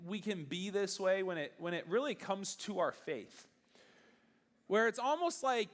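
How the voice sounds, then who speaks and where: A man's voice: sits high, lively intonation. A young man, a youth pastor, giving a casual sermon to teenagers in a chatty way, often acting out bits of dialogue. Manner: conversational, acts out dialogue in quick bursts.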